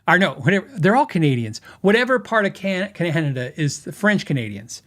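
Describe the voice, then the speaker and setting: A podcast host with a fairly high voice for a man tells a story in a loose, rambling way. He restarts sentences and laughs often as he talks. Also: big pitch swings, fairly quick, a bit bright. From western United States.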